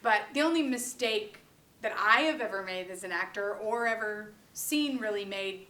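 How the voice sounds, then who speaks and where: A woman gives direct, earnest audition advice on a workshop panel. Her voice is bright and a touch high. She sounds distant from the mic in an echoey room. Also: normal speed. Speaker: actor and casting panelist. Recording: roomy, distant mic, faint noise.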